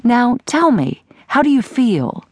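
A woman narrator voicing a prim, measured middle-aged woman who guides a past-life regression in an audiobook. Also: on the high side, very animated, no echo, voice pushed up, full character voice. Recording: dry studio audiobook recording.

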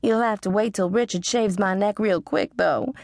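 A woman voicing a loud, syrupy older woman. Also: mid-range voice, moderate pace, vocal fry, no room sound, studio quality, close to an everyday voice. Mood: gushing. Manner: syrupy, snorting laugh. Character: loud gushing older Southern woman client.

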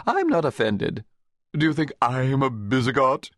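A man's voice: mid-range voice, big pitch swings, moderate pace, a bit bright, no echo, studio quality, pitched above the performer's own voice. A male narrator voicing a cheerful stranger on horseback who speaks in a light, musical tenor. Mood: genial. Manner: easygoing and cheerful.

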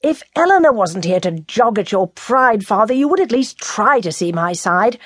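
A woman's voice: mid-range voice, lively intonation, normal speed, no echo, close to an everyday voice. A woman voicing an indignant young man who speaks with heated, scornful emphasis in a storybook reading.

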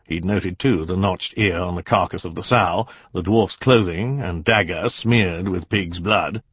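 A man reading a historical novel aloud as an audiobook narrator, measured and dramatic. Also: sits low, slightly rough, no echo, muffled recording. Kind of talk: scripted narration.

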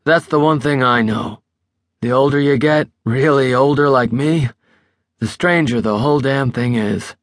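A man's voice: medium pitch, a little slow, no room sound, clean studio sound, voice pushed up, lightly acted. Man voicing a tipsy older political fixer. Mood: boozy. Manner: rambling, backslapping bluster.

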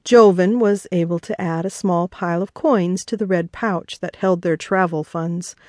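A woman, the author, narrating her own children's audiobook in a measured way. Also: on the low side, a little mellow, no echo, clean studio sound. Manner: slow, measured reading.

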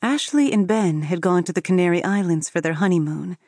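A woman narrating an audiobook with steady, expressive storytelling. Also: fairly low pitch, a little fast, no room sound, clean studio sound.

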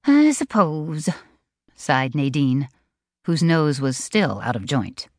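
A woman reading a mystery audiobook in an expressive storytelling manner, recorded in a studio. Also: a bass voice, takes it slowly, dry recording. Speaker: audiobook narrator. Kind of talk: scripted audiobook narration.

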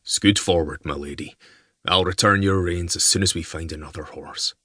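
Man doing a blunt, commanding Highland knight. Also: fairly even intonation, normal speed, sharp tone, husky, dry recording, studio quality, exaggerated voice. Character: gruff, wounded Scottish Highland knight. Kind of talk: audiobook character voice.

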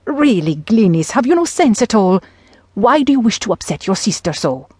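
A woman voicing a dignified, sharp-tongued middle-aged mother who chides and scolds in exasperation. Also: mid-range voice, lively intonation, moderate pace, slightly rough, no echo, clean studio sound. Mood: scolding. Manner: chiding, exasperated, haughty.

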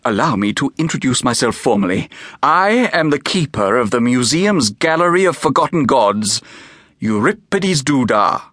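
A man voicing a small, shy and courteous museum keeper who talks in a polite, eager and quick manner for an audiobook. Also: medium pitch, very animated, fairly bright tone, no room sound, studio quality. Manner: polite, eager, rapid and fussy. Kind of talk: audiobook character voice.

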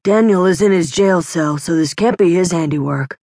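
A woman's voice: fairly low pitch, normal speed, warm tone, no room sound, clean studio sound. A woman voicing a plain, matter-of-fact young man reporting what he found.

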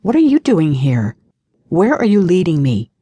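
A woman's voice: on the low side, huge pitch swings, normal speed, warm tone, breathy edge, no room sound, full character voice. Woman voicing a flustered small young woman.

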